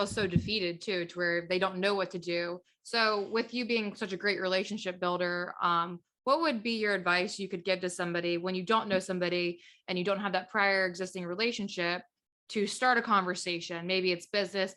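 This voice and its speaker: A woman hosts a podcast interview with a fairly low voice. She asks her guest long, careful questions. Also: steady tone, a little fast, sharp tone. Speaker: podcast host.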